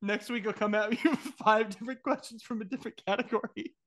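A man's voice: high voice, fairly even intonation, fast, fairly bright tone, a little hiss or hum. Giggly man co-hosting a podcast. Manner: laughs often, giggly and teasing. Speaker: podcast co-host asking trivia. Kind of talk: casual chat.

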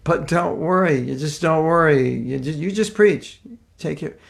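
A man voicing a calm, fatherly male deity who comforts and reassures in a patient, soothing way. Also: a little high, a little slow, creaky. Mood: reassuring.

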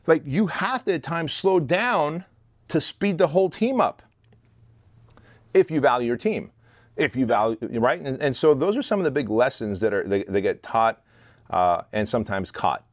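A man speaks in a blunt, animated, profane storytelling voice with a mid-range pitch. The sound is close and dry, with no room around it. He talks as a guest on an interview show. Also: moderate pace, no room sound. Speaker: guest, leadership instructor.

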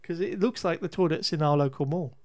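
A man's voice: on the high side, brisk, a little mellow, no echo. A man co-hosting a podcast, chatting casually through a film recap with frequent restarts and laughter. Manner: rambling, self-correcting, laughs often. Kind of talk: casual chat.

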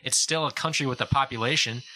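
A man co-hosting a casual podcast, talking in an animated, profane and mocking way. His voice is very bright and sharp, sitting in a middle pitch. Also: fast. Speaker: podcast co-host. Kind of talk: casual chat.

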